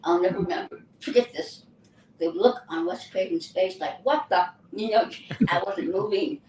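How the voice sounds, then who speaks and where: Older woman telling lively anecdotes. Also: on the low side, normal speed, noisy background. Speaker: actress and guest. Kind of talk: casual interview storytelling. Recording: roomy distant mic with faint ambience.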